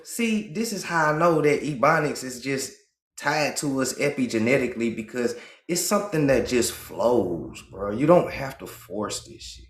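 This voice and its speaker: A man from Georgia with a Southern US accent, hosting an impassioned livestream monologue. He talks emphatically and profanely, his voice climbing high when he gets worked up. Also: a little fast. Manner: emphatic, profane, rising to excited high pitch. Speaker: livestream host. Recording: roomy echo.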